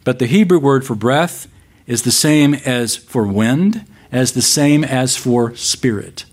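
A man preaching a sermon as a pastor, expressive, slowing down for emphatic scripture reading. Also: mid-range voice.

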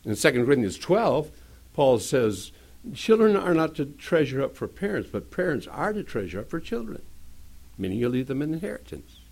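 A man's voice: medium pitch, very animated, normal speed, creaky, a little mellow. A man preaching a sermon, explaining scripture with joking asides and frequent restarts.

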